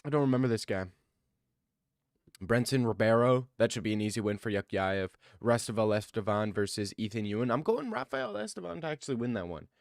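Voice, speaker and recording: A man giving casual MMA commentary, thinking out loud and rambling, then breaking into excited rants. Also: fairly low pitch, fairly quick, vocal fry, dry recording, clean studio sound. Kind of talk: casual fight-card commentary.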